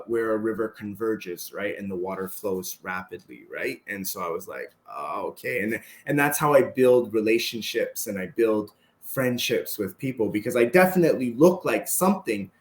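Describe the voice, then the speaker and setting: A man's voice: on the low side, normal speed. A man guest on a podcast, telling stories casually and acting out the other people's lines, with a habit of tagging "right?" onto his sentences. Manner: animated, acts out quoted dialogue, frequent "right?". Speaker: podcast guest, martial arts instructor. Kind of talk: casual storytelling.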